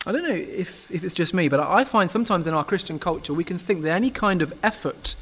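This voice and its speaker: Earnest preacher man, slightly higher voice. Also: lively intonation, fast, fairly bright tone, breathy edge. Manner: earnest, emphatic with occasional restarts. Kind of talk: sermon.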